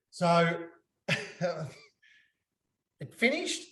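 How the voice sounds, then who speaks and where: A man's voice: sits high, unhurried, reverberant. Laughing man telling a story. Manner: animated storyteller, laughing, acting out quotes. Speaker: guest. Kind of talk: casual storytelling.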